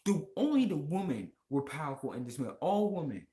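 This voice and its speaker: A vlogger giving a heated, profane movie rant and talking straight to viewers, voice jumping higher when worked up. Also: sing-song, brisk, warm tone, echoey room. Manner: heated, swearing, pitch jumps up when worked up; talks to viewers and chat directly. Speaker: video blogger.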